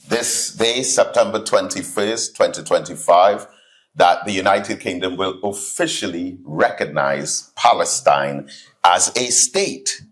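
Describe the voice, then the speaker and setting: A man giving a sermon-style keynote address in a hall, telling stories with lively acted-out voices. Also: lowish voice. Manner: animated storytelling, acts out voices in anecdotes. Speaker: keynote speaker, student minister. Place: hall, live audience.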